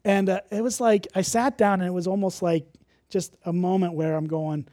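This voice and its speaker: A man's voice: high-pitched, steady tone, normal speed, mellow, dry recording, clean studio sound. A man from Illinois preaching a sermon, candid and conversational, with self-deprecating humor. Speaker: pastor.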